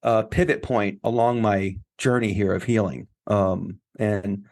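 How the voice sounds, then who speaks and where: A man who coaches and writes, telling a personal story in an interview in a heartfelt, emotional way that grows animated in the retelling. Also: fairly low pitch, a little slow. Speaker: guest, grief coach and author.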